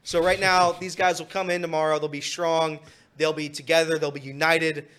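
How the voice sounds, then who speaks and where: A man's voice: a little high, flat delivery, moderate pace, fairly bright tone, clean tone. A man co-hosting a casual sports radio show, joking and teasing with a laugh in his voice. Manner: teasing and jokey, laughing often. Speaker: radio co-host and producer.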